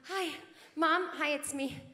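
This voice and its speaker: Brief: woman voicing an overly polite newborn boy, high and chirpy, hall reverb. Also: takes it slowly, sharp tone, heavily acted. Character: newborn baby boy greeting his mom politely. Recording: long hall reverb from live theater.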